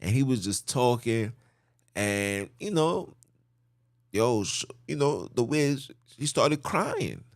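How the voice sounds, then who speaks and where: A man hosting a podcast in casual religious talk, telling stories in an animated way with street slang. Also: mid-range voice, takes it slowly, no room sound, studio quality. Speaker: podcast host.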